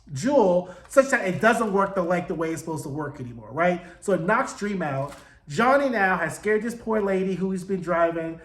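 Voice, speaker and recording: A man giving a casual, profane recap of a TV show, acting out the characters' lines in quick asides. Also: a little high. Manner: chatty, swears freely, acts out quotes with "he's like". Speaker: TV show reviewer. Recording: roomy echo.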